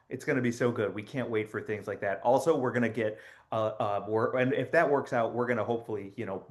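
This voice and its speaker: A man's voice: medium pitch, lightly acted. A man playing a rambling spy agency spokesman. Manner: rambling, offhand, deadpan, many fillers. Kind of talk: satirical comedy monologue.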